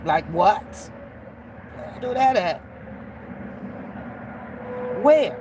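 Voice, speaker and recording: A woman with a mid-range, sing-song voice speaks extremely slowly while ranting on her reaction channel. Her unscripted commentary is exasperated, blunt and profane, with faint background noise in the recording.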